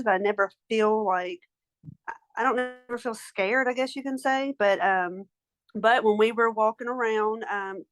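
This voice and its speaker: A woman's voice: mid-range voice, a bit bright, no room sound. A woman talks in a giggly way, with many ums, as a guest investigator on a casual podcast. The sound is dry and close. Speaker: paranormal investigator.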